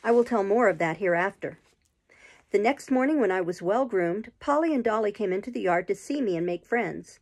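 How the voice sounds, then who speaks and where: A woman reading a classic novel aloud in slow, measured storybook narration. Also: mid-range voice, expressive, a little mellow. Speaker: audiobook reader.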